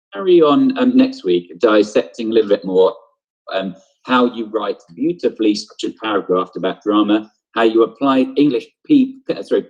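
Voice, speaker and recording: A man teaching an online drama lesson over a video call, explaining step by step and often checking in with "okay?". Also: fairly low pitch. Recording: dull lo-fi video call audio.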